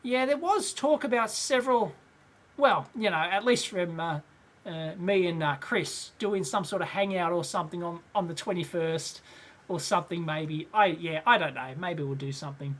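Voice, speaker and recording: Hosting a relaxed live question-and-answer show, this middle-aged Australian rambles, chuckles a lot, and leans on fillers. He speaks at a normal speed in a high-pitched, fairly bright voice.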